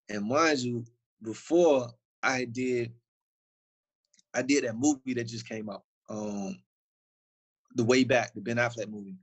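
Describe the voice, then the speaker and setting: A man's voice: fairly low pitch, steady tone, normal speed, low-quality recording. A young man from Virginia with a Southern accent, an actor telling stories in a casual interview, loose and slangy with lots of fillers.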